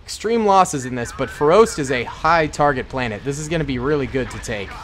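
A man giving casual, excitable, slangy commentary while playing a strategy game, talking to himself and his viewers. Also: medium pitch, a little fast, a little hiss or hum. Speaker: gaming commentator. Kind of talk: casual let's-play commentary.

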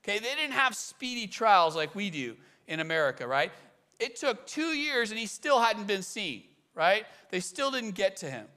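Telling stories in a conversational sermon, a Bay Area pastor from California shifts animatedly from loud emphasis to quiet asides. His voice is male and high-pitched, at a moderate pace.

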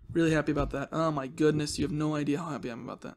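A man's voice: fairly high pitch, fairly even intonation, very fast. A man hosting a casual game commentary, playful and jokey, cooing at the characters he plays with. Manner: playful, talks baby-talk to villagers, jokey asides. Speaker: gaming video host. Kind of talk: casual Minecraft let's-play commentary. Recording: faint background noise.

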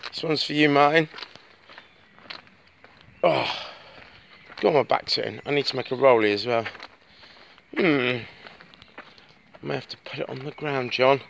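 A man rambling chattily into his phone while walking home on a dark road at night, swearing freely as he talks. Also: mid-range voice, a little slow, vocal fry, long pauses. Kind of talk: casual vlog monologue. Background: birds tweeting, faint outdoor noise.

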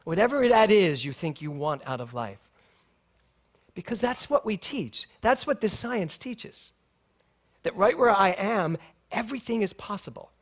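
A man's voice: high voice, a little slow. A middle-aged male minister giving a sermon at a spiritual center, telling a personal story with laughter and acted-out dialogue. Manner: animated storytelling, laughing often, acting out dialogue.

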